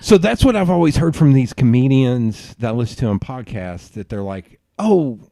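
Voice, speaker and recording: A man hosting a podcast, telling rambling stories in a loose, profane, animated way. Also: mid-range voice, normal speed, creaky, no room sound, studio quality. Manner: animated, profane, rambling storyteller who bursts into laughs. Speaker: podcast host. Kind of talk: casual storytelling chat.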